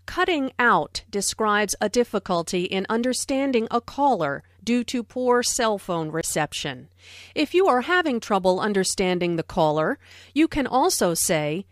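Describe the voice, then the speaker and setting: A woman explaining English usage notes in clear scripted narration. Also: medium pitch, sing-song, a little slow, no room sound, clean studio sound. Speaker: English teacher.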